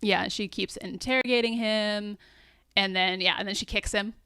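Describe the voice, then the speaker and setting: A woman's voice: medium pitch, normal speed, smooth, no room sound, clean studio sound. A woman co-hosting a podcast, recapping a TV episode in casual chat and acting out quoted lines with lots of laughter. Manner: animated, acts out quoted lines, laughs often. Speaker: podcast co-host.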